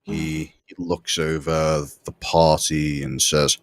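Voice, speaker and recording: A man's voice: a bass voice, little pitch movement, slow pace, dry recording, clean studio sound. A man narrating a tabletop game as game master, rambling with fillers and restarts.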